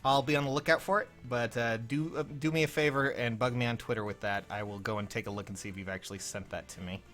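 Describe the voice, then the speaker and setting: A man's voice: medium pitch, steady tone, fast, a bit bright. Man, livestream host, casual chat, flustered, laughing, faint music behind.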